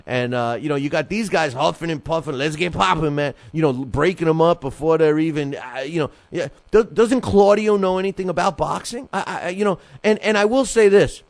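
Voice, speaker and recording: This middle-aged man hosts a boxing talk show in a casual, radio-style commentary, rambling and getting fired up with plenty of restarts and fillers. His voice sits on the high side with a darkish tone, moving fairly quickly with few pauses, and there's no echo.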